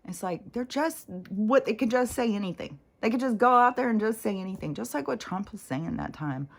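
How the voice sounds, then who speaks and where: A woman's voice: on the high side, animated, fairly quick, creaky. A woman with a runny nose talking in a casual, rambling vlog monologue, self-reflective and full of fillers. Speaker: spiritual vlogger.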